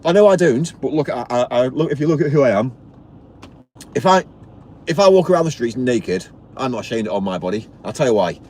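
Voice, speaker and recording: A man's voice: mid-range voice, animated, fairly quick, a little mellow, a little hiss or hum. A man ranting bluntly on a live stream, preachy and swearing, stumbling and repeating words as he goes. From Britain.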